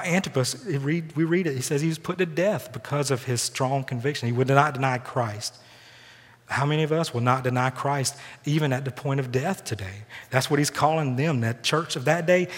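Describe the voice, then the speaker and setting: Guy pastor preaching a sermon, earnest and storytelling, mid pitch, long hall echo. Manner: earnest preaching, shifting into lively personal storytelling. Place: church sanctuary. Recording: long reverb from a large hall.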